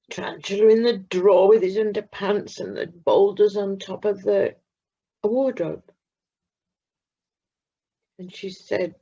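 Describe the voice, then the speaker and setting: A woman narrating a children's story in a slow, expressive way with dramatic pauses. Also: lowish voice, vocal fry, slightly rough. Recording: muffled lo-fi recording.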